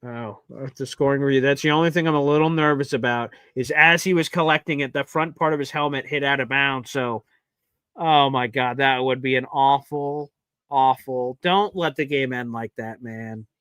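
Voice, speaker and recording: A man hosting a live sports watch party, giving emotional play-by-play that swings from nervous muttering to loud cheering. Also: medium pitch, normal speed, clear, resonant tone, no room sound.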